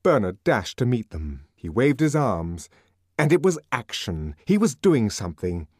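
A man reading a novel aloud as an audiobook narrator, with dramatic, expressive delivery. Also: medium pitch, measured pace, slightly rough, no echo, studio quality. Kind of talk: scripted narration.

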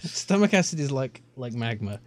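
Lively, jokey man. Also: medium pitch, moderate pace, dry recording, clean studio sound. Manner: playful, jokey, laughs often. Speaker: podcast co-host. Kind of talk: casual chat.

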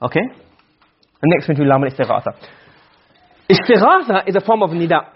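A man teaching Arabic grammar to a class, asking questions and answering them himself, and reciting verses slowly. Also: a little high, big pitch swings, lo-fi sound, a little hiss or hum. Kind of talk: classroom lecture.

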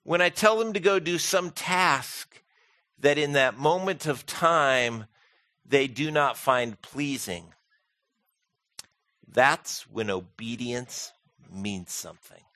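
A man preaching a sermon as pastor, animated and humorous, acting out quoted voices. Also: medium pitch, slow, dry recording.

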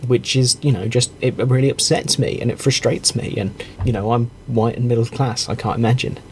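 A man's voice: mid-range voice, a little fast, a little mellow, a little hiss or hum. A man from Britain hosting a podcast, speaking earnestly and rambling a little with asides. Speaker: podcast host. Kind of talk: casual podcast chat.

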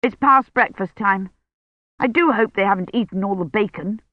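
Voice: medium pitch, normal speed, no echo, lo-fi sound, close to an everyday voice. A narrator voicing a deferential, fretful male college secretary in an audiobook. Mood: fussing.

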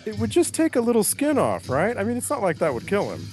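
Animated male co-host, playful, halting delivery. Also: high-pitched, faint music behind. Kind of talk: casual movie-watching commentary.

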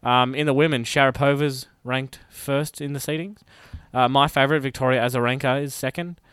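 A man's voice: medium pitch, fairly even intonation, fairly quick, fairly bright tone, clear, resonant tone, dry recording. Young Australian male co-host, chatty and joking, clean, close, dry mic. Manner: chatty, jokey, plays up the banter. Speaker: sports radio co-host. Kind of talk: casual sports chat.

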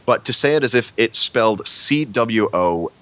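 A man's voice: medium pitch, lively intonation, moderate pace. A young man chatting casually on a podcast about playing a role, rambling with many restarts. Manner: rambling, frequent restarts and laughs. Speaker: guest actor. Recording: lo-fi muffled recording.

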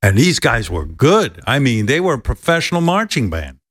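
A man telling a long personal story, animated and a bit profane, acting out the people he quotes. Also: medium pitch, normal speed, breathy edge, dry recording, studio quality. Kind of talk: casual storytelling.

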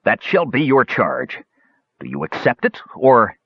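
A man voicing a proud, furious old male dwarf who rants in a shrill, sputtering, indignant way. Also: huge pitch swings, measured pace, husky, no room sound, heavily acted. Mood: sarcastic. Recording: dull, dry lo-fi audiobook recording.

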